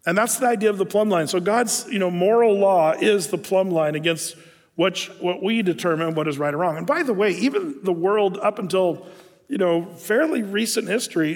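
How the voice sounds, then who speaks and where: A middle-aged man from Southern Oregon preaches a sermon in a loose, chatty way, stumbling over restarts and fillers. His voice sits a little high for a man. It rings out with a long reverb, as in a large hall. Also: expressive, normal speed. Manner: conversational, many fillers and restarts. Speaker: pastor.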